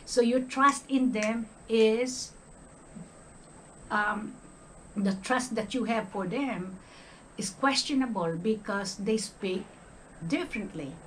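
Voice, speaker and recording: Emphatic older Filipina with a raised voice. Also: female voice, a little high, slow, pauses often, a little hiss or hum, low-quality recording. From Philippines. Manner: emphatic, checks in with "okay?". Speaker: retired nurse vlogger. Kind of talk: casual monologue.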